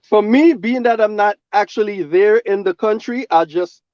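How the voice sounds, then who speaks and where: A man's voice: high voice, moderate pace, darkish tone, no echo, lo-fi sound. A man calling in to a live stream, insistent and defensive, interrupting to make his point. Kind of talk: call-in argument.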